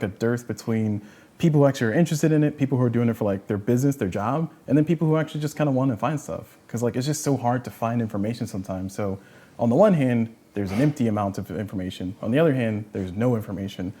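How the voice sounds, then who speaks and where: A man hosting a livestream panel, talking in a loose, rambling way. His voice is dark and mellow, with a middling pitch. He keeps correcting himself as he goes. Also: quick pace. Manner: rambling, self-correcting, fillers. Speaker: host. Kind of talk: casual panel chat on a livestream.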